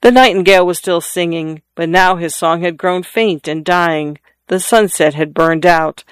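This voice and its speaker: A narrator reading a classic story in a measured, descriptive way. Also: medium pitch, clear, resonant tone, no echo.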